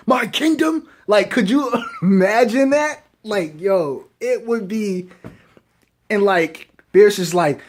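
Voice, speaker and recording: A man giving casual fan commentary, talking excitedly and asking rhetorical questions over and over. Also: sits high. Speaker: anime reviewer.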